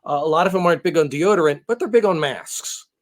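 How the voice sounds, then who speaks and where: A man's voice: on the high side, expressive, fast. A man co-hosting a casual podcast, rambling and hesitant, with many restarts. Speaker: podcast co-host. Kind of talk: casual chat.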